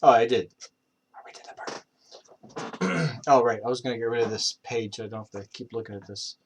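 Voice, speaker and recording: A man's voice: medium pitch, steady tone, quick pace, slight background noise. A young man on a live stream who rambles casually, with many fillers and restarts. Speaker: streamer practicing accents.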